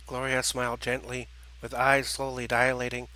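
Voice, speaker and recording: A man narrating an audiobook in a measured, dramatic reading style. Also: medium pitch, little pitch movement, bright, forceful tone, poor audio.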